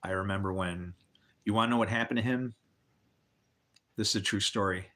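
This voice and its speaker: A man's voice: on the low side, fairly even intonation, fairly quick, fairly bright tone. An older man telling candid personal stories on a livestream, swearing and adding religious asides. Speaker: livestream host. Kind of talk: rambling personal storytelling.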